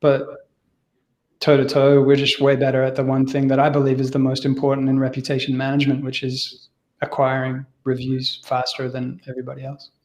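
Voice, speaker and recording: A man's voice: medium pitch, monotone, a little fast, darkish tone. A man with an Australian accent, a podcast guest and company founder, chatting in an easygoing way with frequent laughs and slang. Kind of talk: casual podcast conversation.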